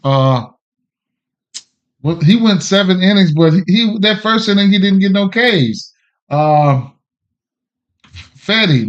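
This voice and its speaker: A man's voice: medium pitch, a little mellow. A man hosting a sports betting livestream, chatting casually in a loose, rambling, slangy way and greeting viewers by name. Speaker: sports betting podcast host. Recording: dull lo-fi stream audio.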